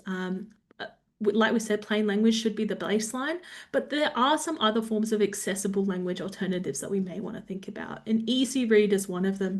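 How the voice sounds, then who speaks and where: An Australian woman presenting a webinar talk, explaining steadily with frequent pauses and small touches of humour. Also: medium pitch. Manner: explanatory, lightly humorous, with frequent "um".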